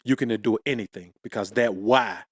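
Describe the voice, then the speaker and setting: A man's voice: fairly low pitch, a little fast, dry recording, studio quality. A man from Birmingham, Alabama with a Southern accent, co-hosting a casual podcast chat in a motivational, profane way. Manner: motivational, says bruh and man often. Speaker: podcast co-host.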